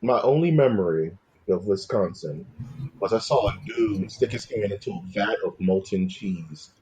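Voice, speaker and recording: A man's voice: lowish voice, expressive, moderate pace, darkish tone, a little hiss or hum. A man hosting a podcast in loose, jokey casual chat, calling people "man" and "dude". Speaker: podcast host.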